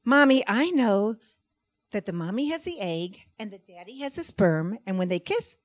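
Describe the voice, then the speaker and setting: A woman's voice: mid-range voice, big pitch swings, normal speed. A woman voicing her young schoolgirl daughter, earnest and wide-eyed.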